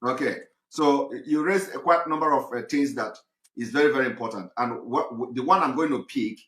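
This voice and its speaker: A man with a Nigerian English accent hosting a call-in show, speaking haltingly with many fillers. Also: mid-range voice, a bit bright, reverberant. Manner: hesitant, many fillers and restarts. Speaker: host.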